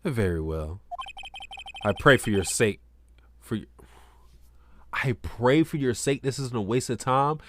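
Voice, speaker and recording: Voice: mid-range voice, a little slow, long pauses, noisy background, voice pushed down, natural voice. A streamer putting on Edgeworth, a sneering cold prosecutor. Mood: dismissive. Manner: cold, condescending. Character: arrogant cold male prosecutor. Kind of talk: reading game dialogue aloud.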